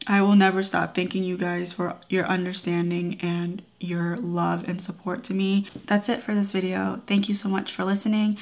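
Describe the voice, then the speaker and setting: A young woman beauty vlogger talking candidly and emotionally in a get-ready-with-me vlog, close to tears. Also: mid-range voice.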